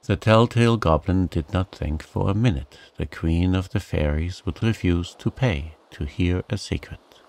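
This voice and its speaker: A man reading a bedtime sleep story in a calm, soothing narration. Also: low-pitched, normal speed, gravelly, few pauses.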